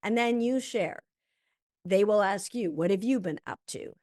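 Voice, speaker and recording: A woman teaching a health coaching lesson who acts out sample conversations with lively energy. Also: medium pitch, unhurried, no echo, clean studio sound.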